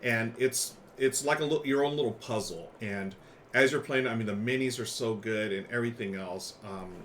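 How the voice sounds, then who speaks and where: A man's voice: medium pitch, normal speed, a bit bright, a little hiss or hum. A man co-hosting a livestream about a board game, chatting casually with a partner and viewers, often laughing. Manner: chatty, laughing, talks with mouth full. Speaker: game show co-host.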